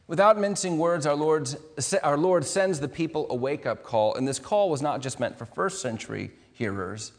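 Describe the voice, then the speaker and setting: A man preaching a sermon as pastor, earnest and emphatic, repeating key words and restarting phrases now and then. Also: medium pitch. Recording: long hall reverb.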